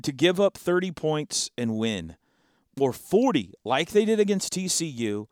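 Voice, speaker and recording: An animated man co-hosting a football talk show, his voice swinging up and down as he riffs and laughs between restarted sentences. The tone is smooth and resonant. The sound is close and dry. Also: on the high side, measured pace, no room sound. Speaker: sports talk host. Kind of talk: casual sports chat.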